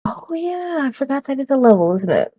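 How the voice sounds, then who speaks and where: A woman's voice: sits high, big pitch swings, brisk, no room sound, phone-quality sound. A woman podcast co-host reacting with exasperated jokes in casual chat.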